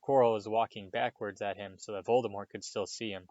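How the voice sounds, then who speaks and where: A man reading a storybook chapter aloud, expressive with occasional slips. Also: fairly low pitch, fairly quick, dry recording. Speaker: reader. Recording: dull dry recording.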